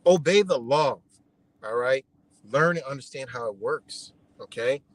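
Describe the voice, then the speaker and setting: Poor audio carries a medium-pitched, measured voice from an American man in a casual live-stream rant. He gets heated and swears, repeats himself, and tacks "you know" onto his points.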